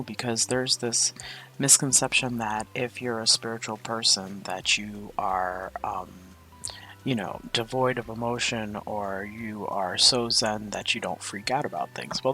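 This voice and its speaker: A woman's voice: rumbling low, sharp tone. A woman hosting a spiritual coaching podcast, talking in a candid, chatty, confessional way. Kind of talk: casual spiritual podcast monologue.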